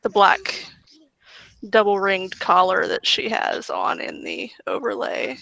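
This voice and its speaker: A woman's voice: medium pitch, wildly swooping pitch, slow pace, gravelly, pushed and bright, no room sound, low-quality recording. A woman playing a tabletop game, describing her character in a casual, hesitant way. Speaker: player.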